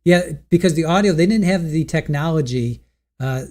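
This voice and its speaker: A man with a slightly high, slightly mellow voice talks at a normal speed while hosting his trial commentary stream. He casually recaps the testimony heard that day and keeps asking his chat for their thoughts.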